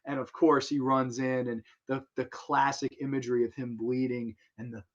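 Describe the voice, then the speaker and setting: A man hosting a casual live show, talking in a rambling, profane, excitable way. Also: medium pitch, moderate pace, highs cut off. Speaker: host.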